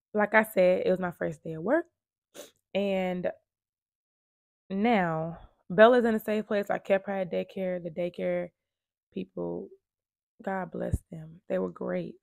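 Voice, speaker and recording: A woman in her thirties tells her personal story straight to camera, earnest and conversational. Her voice sits low and carries a gravelly fry, and the recording is close and dry with no room sound. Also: dry recording. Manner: earnest, conversational, shifting from hushed to emphatic. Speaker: vlogger telling her survival story.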